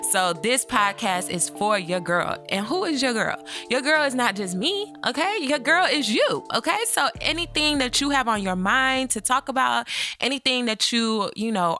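A woman's voice: medium pitch, pushed and bright, dry recording, studio quality. Chatty woman hosting a podcast. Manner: chatty and encouraging, often checking in with "okay?"; colloquial, addresses listeners as "sis" and "y'all". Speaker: podcast host. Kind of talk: casual podcast monologue.

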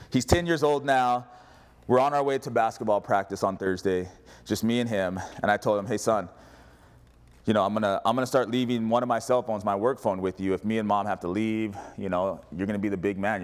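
A man in his thirties preaching a sermon as pastor, telling stories with laughs and acted-out dialogue. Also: on the low side. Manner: storytelling with laughs and quoted dialogue.

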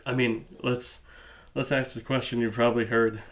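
A man hosting a podcast, asking questions in a relaxed, conversational way. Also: medium pitch, normal speed. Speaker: podcast host. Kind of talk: casual podcast interview.

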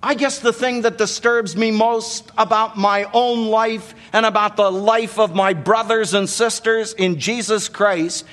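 A man's voice: high-pitched, steady tone, unhurried, few pauses, fairly bright tone, long reverb tail. An older man preaching a sermon, dramatically acting out the quotes in the story.

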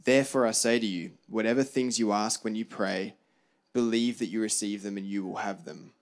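A man reading scripture aloud at a steady pace during a sermon. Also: lowish voice, moderate pace. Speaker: congregation member reading scripture.

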